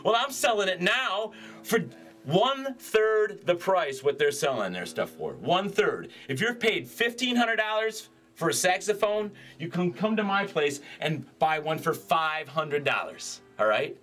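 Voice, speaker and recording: Man, hard-sell store owner, ranting pitch that jumps between shouts and mutters, slightly higher voice. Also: animated, measured pace, soft background music.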